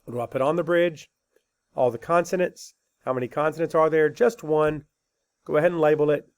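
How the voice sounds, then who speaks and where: A man teaching a spelling lesson, dictating words slowly letter by letter and asking and answering his own questions patiently. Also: fairly high pitch, fairly even intonation, no room sound. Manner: slow, deliberate letter-by-letter dictation.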